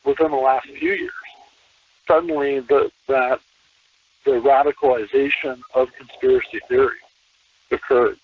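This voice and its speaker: A man, a podcast guest, talking in an animated casual way with many restarts and repeated words. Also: mid-range voice, unhurried, pauses often, breathy edge, dry recording, distant mic. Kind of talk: casual conversation. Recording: tinny phone-line call.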